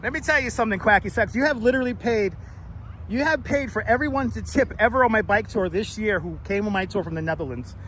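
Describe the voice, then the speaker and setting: Male street live-streamer, high voice, loose and profane, clip-on mic outdoors. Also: fast, a bit bright, slight background noise. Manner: loose, chatty, swears, laughs often. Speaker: live-stream host and tour guide. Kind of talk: casual live-stream chat. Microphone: wireless clip-on mic.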